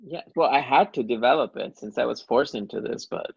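Dry-humored podcast co-host, calm delivery. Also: mid-range voice, fairly quick, creaky, breathy edge, no echo. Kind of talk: casual chat. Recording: dry, lo-fi sound.

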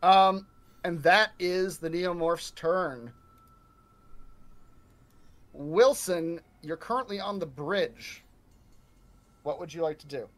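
A man with a high voice narrates a tabletop horror game as game master. He describes each scene in a halting, filler-heavy way as he thinks it through.

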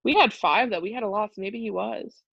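A chatty woman co-hosting a casual sports podcast, voicing firm opinions with plenty of "like" and quick asides. Her voice sits at a middle pitch and comes through a little dull, with a dry, close sound and no room around it. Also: gravelly, breathy edge, no room sound. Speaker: podcast co-host.

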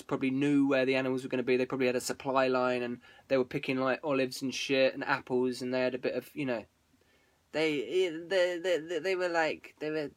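A man's voice: mid-range voice, fairly bright tone, no echo. A man hosting a live stream, rambling casually to viewers, swearing freely and breaking off his own sentences. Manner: rambling, sweary, self-interrupting.

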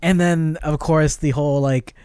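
This man, a podcast co-host, gives a rambling, filler-heavy, animated scene-by-scene retelling of a film during a laid-back review conversation. His voice is a little high with a clean tone, at normal speed, and there's no room sound.

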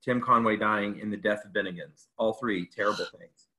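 A man co-hosting a casual chat, joking in a sarcastic way with quick quips. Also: lowish voice, steady tone, sharp tone. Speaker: co-host.

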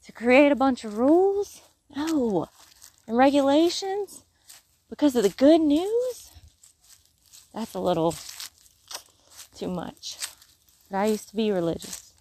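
A woman with a Mississippi accent talking casually about her faith outdoors in the countryside and reading scripture aloud in folksy, halting bursts. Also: mid-range voice, animated, dark tone. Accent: Mississippi Southern. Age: adult, has kids. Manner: folksy, talks in short restarted bursts. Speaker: vlogger.

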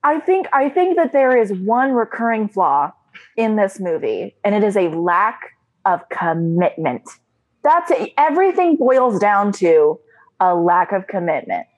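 A young woman in casual chat, emphatic and animated, laughing often. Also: mid-range voice, unhurried, lo-fi sound.

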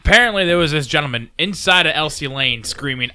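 A man telling a story to friends in casual chat, animated and swearing freely, raising his voice as he acts out drunk strangers. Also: on the high side, fast talker, clear, resonant tone.

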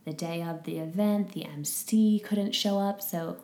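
A woman chatting casually and telling a story with lively energy, laughing often. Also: fairly low pitch, unhurried, reverberant. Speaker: podcast guest sharing a conference experience. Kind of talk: casual chat.

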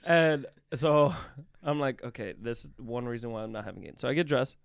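A man tells a rambling, laugh-filled story in relaxed podcast banter. His voice sits at an ordinary middle pitch and is caught close on a dry studio microphone. He swears casually as he goes. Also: fairly quick, gravelly, clean tone, no echo. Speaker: podcast host.

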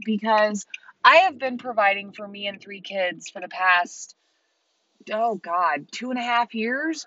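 A woman in her thirties, a single mother, telling a story to camera in a blunt, heavily profane and animated way. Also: mid-range voice, dry recording, lo-fi sound. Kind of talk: casual monologue to camera.

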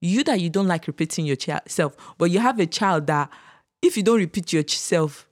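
A woman's voice: fairly low pitch, lively intonation, normal speed, no room sound, studio quality. A woman, talking through parenting in an earnest, emphatic way, often repeating her points. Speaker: parenting guest. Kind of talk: casual podcast discussion.

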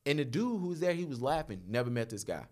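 A man in his thirties, a podcast guest, telling laughing, animated stories in casual chat. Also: medium pitch, quick pace. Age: 30s.

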